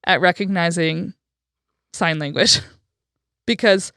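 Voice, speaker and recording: A woman's voice: fairly low pitch, slow, sharp tone, no room sound, clean studio sound. A woman co-hosting a podcast, telling stories in a frank, chatty way with plenty of fillers and the odd swear. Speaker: podcast co-host. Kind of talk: casual conversational storytelling.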